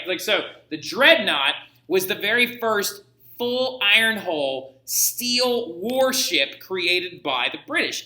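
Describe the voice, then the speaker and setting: A male history teacher giving a lecture in an animated, jokey and digressive way. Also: high voice, reverberant, poor audio. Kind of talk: recorded classroom lecture.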